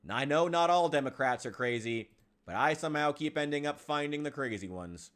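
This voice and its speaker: Streamer, male, from Illinois: swings his pitch a lot, vents and swears freely over gameplay. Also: animated, a little fast, a bit bright, smooth. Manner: frustrated ranting, swears often, sighs. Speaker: game streamer. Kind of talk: casual live-stream chat while gaming.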